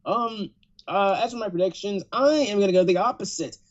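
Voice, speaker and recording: A man hosting a podcast, chatting casually and laughing between thoughts. His voice sits a little high. The audio is dull and lo-fi. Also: fairly quick. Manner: laid-back, laughing, "yes sir" affirmations. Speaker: podcast host. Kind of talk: casual chat.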